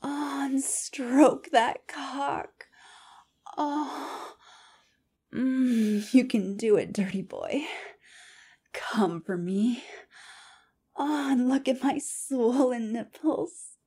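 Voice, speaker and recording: This whispered role-play features a flirtatious, teasing lecturer, played by a woman. Her voice sits a little high and comes out airy and breathy. She lingers over every word at a very slow, unhurried pace. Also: heavily acted. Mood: breathy, sultry. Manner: slow, breathy, sultry murmuring with soft sighs.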